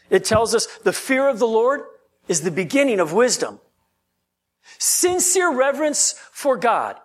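A male pastor with a very high voice that rises and falls a great deal as he preaches. He reads scripture in a measured way, then shifts into loose, conversational teaching with frequent restarts. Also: a bit bright. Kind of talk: sermon.

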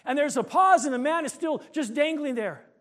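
A man pastor preaching a sermon, telling stories and slowing down on key points. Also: very high voice. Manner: storytelling preacher, slows for emphasis, rising to shouts in anecdotes.

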